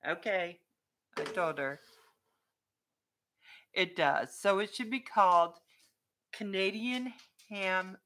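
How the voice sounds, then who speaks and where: A woman's voice: mid-range voice, takes it slowly, long pauses, fairly bright tone, a little hiss or hum. A woman vlogger in a casual live-stream chat with viewers, chatty and playful, often laughing and breaking off to talk to her dog.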